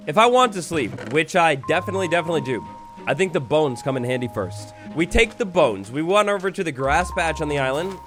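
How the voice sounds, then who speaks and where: A young man doing energetic, jokey commentary over his own game play, with bursts of mock drama. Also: a little high. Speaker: gaming YouTuber. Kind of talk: Minecraft let's-play commentary.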